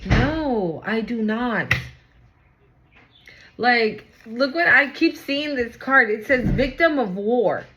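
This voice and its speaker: Talking straight to her viewers in a casual tarot reading, this woman has a high-leaning, animated, slow and slightly bright voice. The recording is rough, with a little hiss or hum. Blunt and profane, she hammers each point by repeating it and tacking on "right?" again and again.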